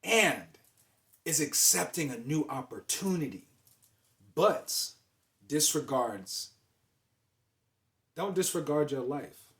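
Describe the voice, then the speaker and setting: A man's voice: on the high side, sing-song, takes it slowly, long pauses, fairly bright tone. A young adult man hosting a show, delivering an emphatic, repetitive motivational monologue. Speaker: motivational host.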